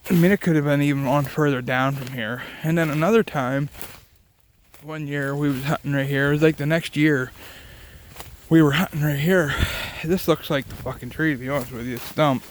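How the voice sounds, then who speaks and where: A man telling a rambling, profane hunting story from his childhood, talking outdoors deep in the woods. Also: steady tone, moderate pace, a little hiss or hum. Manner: profane, rambling, laughs at his own stories. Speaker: vlogger.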